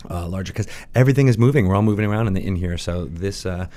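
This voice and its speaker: A man's voice: deep voice, dark tone. Young guy hosting a podcast, chatty and rambly, lots of uhs, laughs a lot. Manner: chatty, rambling, full of fillers and quick laughs. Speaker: podcast host. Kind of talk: casual studio chat.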